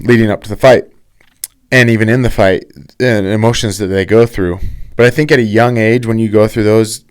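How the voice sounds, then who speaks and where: A man's voice: fairly low pitch, clean tone. A man hosting his own show, giving his casual opinion on a fighting event in a rambling way, with many restarts. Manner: rambling, frequent restarts and fillers. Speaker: host.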